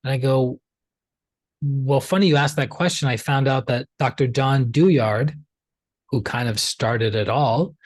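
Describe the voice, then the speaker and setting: A man, a healer, telling his story as an interview guest in a chatty, animated way, often using "like" and acting out what others said. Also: medium pitch, measured pace, dry recording. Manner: chatty and animated, acts out quoted dialogue, many "like" fillers. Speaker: pranic healer, podcast guest.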